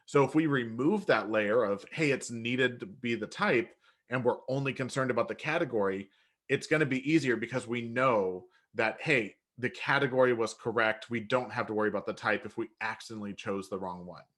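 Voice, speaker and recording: A man co-hosting a live software webinar, jumping in to answer viewer questions in a conversational way with frequent restarts. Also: mid-range voice, fairly quick.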